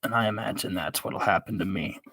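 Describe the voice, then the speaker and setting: A man's voice: low-pitched, fairly quick, creaky, a bit bright. A man hosting a live show, rambling with sardonic asides while he draws. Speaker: show host. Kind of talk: rambling live-stream commentary while drawing.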